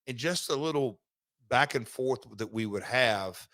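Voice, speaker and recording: A middle-aged man hosting a podcast, chatting casually and telling stories about his past in a relaxed, rambling way. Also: mid-range voice, a little slow. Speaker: podcast host, former wrestler. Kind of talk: casual chat and read sponsor ad.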